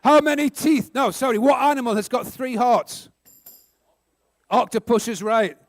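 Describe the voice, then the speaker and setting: Male NZ quiz host, very high pitch, quick joking delivery, dry recording. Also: no echo. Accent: New Zealand. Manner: brisk, joking, sarcastic asides. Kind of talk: live school quiz hosting.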